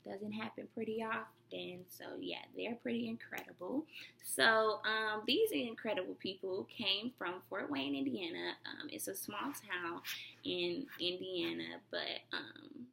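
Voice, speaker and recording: A woman's voice: mid-range voice, a little slow, creaky, sharp tone, a little hiss or hum. A young woman from Illinois telling a personal story in a chatty vlog, with lots of fillers and playful quoted voices. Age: young adult. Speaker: vlogger.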